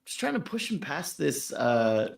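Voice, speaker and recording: A man's voice: fairly high pitch, big pitch swings, a little slow, creaky, echoey room. A man co-hosting a casual show, giving laid-back, rambling feedback on a listener's track with lots of fillers. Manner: laid-back, rambling with fillers, laughs at his own jokes. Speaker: co-host reviewing listener tracks. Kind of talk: casual critique chat.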